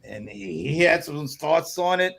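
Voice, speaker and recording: A man's voice: on the high side, expressive, measured pace, creaky, a bit bright. A man hosting a casual livestream chat over a video call, rambling with many fillers and chuckles. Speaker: host.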